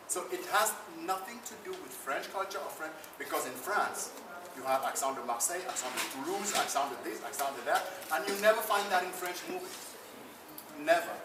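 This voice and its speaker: A man, an actor on a debate panel, arguing in an impassioned way and repeating phrases for emphasis. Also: fairly high pitch. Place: conference room at a film festival. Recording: roomy, distant mic, noisy ambience.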